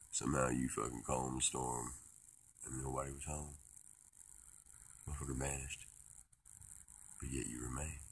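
A man delivering a profane, rambling philosophical monologue, swinging between loud outbursts and hushed whispers. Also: rumbling low, gravelly. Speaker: vlogger.

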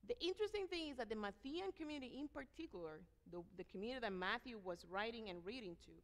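A woman preaching a sermon in a church sanctuary, her voice pitched a little high and carried by a long reverb. She is animated, acts out the voices of the people she quotes, and keeps turning to the congregation with rhetorical questions. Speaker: guest preacher.

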